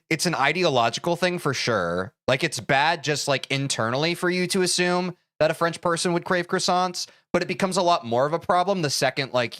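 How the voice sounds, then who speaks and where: A male streamer chats casually with his viewers, his pitch moving a lot as he answers their messages. He comes across as animated, jokey and self-deprecating. The recording is dry and close, with little room sound.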